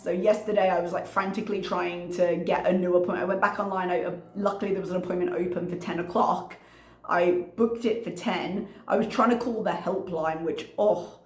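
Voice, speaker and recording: A young woman vlogger in casual chat, animated, laughing often and acting out what others said. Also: on the low side, normal speed, echoey room.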